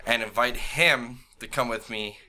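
Bright, lively male player in a casual tabletop session. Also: mid-range voice, a little slow, slight background noise, rough recording. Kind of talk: casual tabletop game chat.

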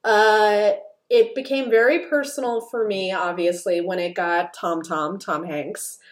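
A woman hosting a podcast in casual chat, animated and swearing in mock outrage. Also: medium pitch, unhurried. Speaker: podcast host.

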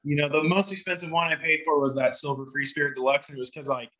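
A man's voice: a little high, level tone, fast talker, sharp tone, low-quality recording. A young man chatting casually on a podcast, telling rambling stories full of swearing. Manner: profane, rambling storyteller. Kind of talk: casual chat.

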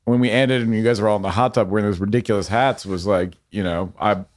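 A man's voice: lowish voice, steady tone, fast. A man who is a filmmaker guest on a podcast, talking reflectively and searching for his words. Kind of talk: casual podcast chat.

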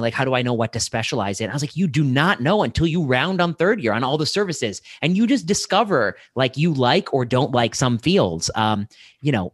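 A man hosting a relaxed chat. His pitch swings up and down as he talks, with lots of "um"s and restarts. The sound is dry and close. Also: dry recording. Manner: animated, many fillers and restarts. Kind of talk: casual conversation.

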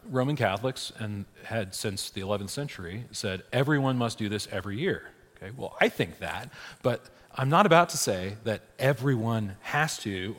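A man, a priest, teaching a church catechesis class in a conversational way, often checking in with "right?". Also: on the low side. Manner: conversational, frequent "right?" checks, laughs, restarts. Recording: long hall reverb.

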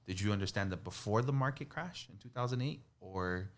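A man hosting a casual interview, asking long, rambling questions in a relaxed, chatty way. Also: fairly low pitch, a little fast. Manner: chatty, laughs easily, asks rambling questions. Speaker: podcast host.

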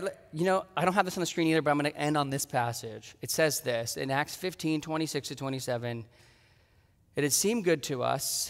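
A pastor giving a sermon, telling a story with lively acted-out dialogue. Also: male voice, medium pitch, in a large hall. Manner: animated storytelling, acting out his own dialogue.

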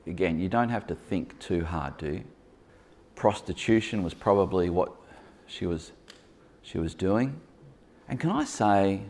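Playful preacher man, lively sermon. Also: sits low. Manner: playful, teasing asides to the congregation. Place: church hall before a congregation.

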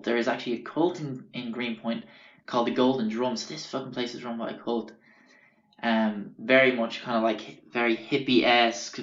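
A man's voice: mid-range voice, a bit bright. A young Irish man hosting a podcast, telling stories casually, rambling and swearing with many fillers. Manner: rambling and profane, with many fillers and self-corrections. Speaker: podcast host. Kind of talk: casual storytelling. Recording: roomy, dull lo-fi sound.

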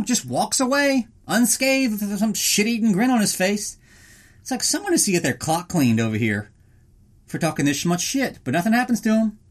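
A man's voice: sits high, lively intonation, moderate pace. A man hosting a podcast, recapping a film in casual, rambling, profane talk and joking about himself in the third person. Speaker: podcast host.

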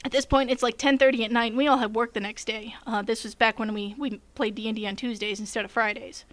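High-voiced woman rambling through a story. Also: fairly even intonation, fast, dry recording. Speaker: game master telling a story. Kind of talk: casual chat.

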